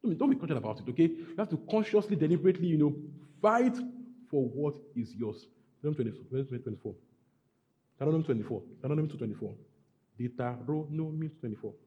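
A man preaching a sermon, emphatic and repetitive, building to loud exhortations. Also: fairly high pitch, lively intonation, racing, highs cut off. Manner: emphatic, repeats phrases, rising to loud exhortations. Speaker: pastor.

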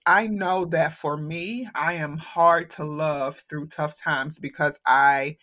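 A woman's voice: deep voice, fairly even intonation, takes it slowly, sharp tone. A woman hosting a podcast, talking frankly and casually, with some swearing. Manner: frank and plainspoken, with mild cursing. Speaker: podcast host.

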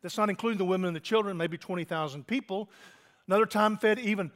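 A man with a notably high voice delivers a sermon in a relaxed, conversational way. He is a middle-aged pastor who keeps turning to his listeners with direct questions. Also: fast. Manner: conversational, asks the congregation questions.

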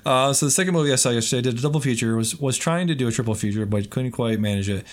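A man's voice: medium pitch, fast talker. A man with a New York accent co-hosting a podcast in casual chat, laughing often and swearing freely. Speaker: podcast co-host.

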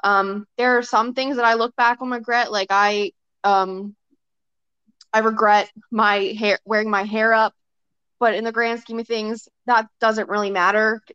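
A woman's voice: fairly high pitch, flat delivery, measured pace, bright, forceful tone, clear, resonant tone, dry recording. A young woman guesting on a podcast, chatting casually with lots of fillers and short acted-out quotes. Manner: chatty, filler-heavy, often acts out quotes. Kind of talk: casual chat. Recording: dry, slightly dull sound.

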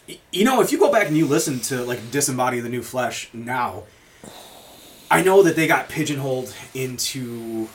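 A man in a loose, casual podcast chat who wanders through tangents, curses freely and laughs often. His pitch sits in the middle range for a man. There is a faint hiss of background noise under the recording. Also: lively intonation, normal speed. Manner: rambling, swearing, laughing often. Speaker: podcast host.

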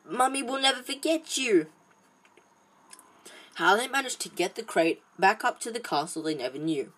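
A woman with a fairly low voice reads a novel aloud. She stumbles now and then, backing up to restart sentences with small fillers. It is a plain, home-style reading. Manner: halting, frequent restarts and fillers. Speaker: storybook reader.

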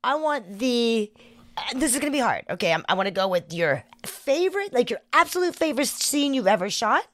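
A woman hosting a podcast interview, excitable and exclaiming, asking halting questions in casual chat. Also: a little high, no echo. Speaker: podcast host.

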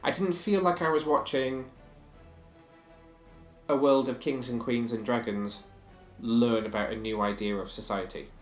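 A man's voice: mid-range voice, unhurried, roomy sound, soft background music. A man co-hosting a casual chat about a TV show, opinionated and chatty. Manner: chatty, opinionated, reads quotes aloud. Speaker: podcast co-host.

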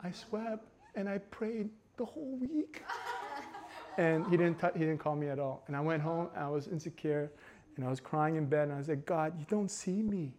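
A young adult man preaching a sermon, telling a personal story in an expressive way that swings between hushed and emphatic. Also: on the high side, moderate pace. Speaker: pastor.

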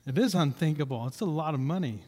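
A man's voice: a little high, expressive, quick pace, a little mellow. A man preaching a sermon in a conversational way, repeating key points for emphasis. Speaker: pastor. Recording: reverberant hall.

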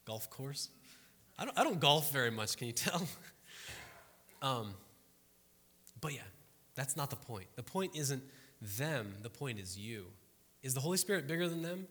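A man's voice: mid-range voice, lively intonation, a little slow, sharp tone. A man preaching a conversational sermon to a congregation, often checking in with the room and acting out quoted voices. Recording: long hall reverb.

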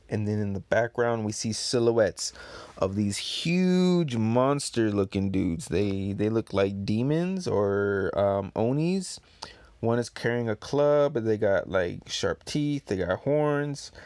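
A man's voice: fairly low pitch, animated, slow pace, a little mellow, no echo. A man casually reading through and reviewing a comic chapter, rambling with lots of fillers.

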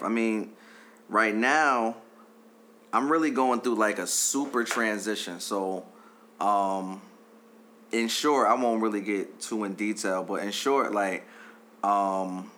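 Laid-back man with a bright low voice. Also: unhurried, slight background noise. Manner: laid-back, slangy, with "you know what I'm saying". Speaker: podcast guest. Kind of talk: casual podcast chat.

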